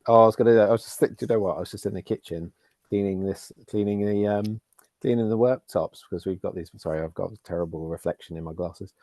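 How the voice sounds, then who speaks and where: A man's voice: fairly low pitch, quick pace, mellow, no room sound. A man taking part in an online workshop on a video call, hesitant and chatty, laughing at himself as he thinks aloud. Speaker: workshop participant. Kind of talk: casual chat.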